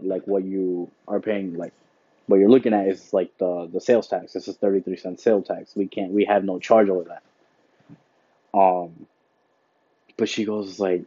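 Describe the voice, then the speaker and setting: A man's voice: deep voice, warm tone, breathy edge, no room sound. A man hosting a podcast, telling a work story in a rambling, casual way, full of fillers and "whatever, right?". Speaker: podcast host. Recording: dull lo-fi sound.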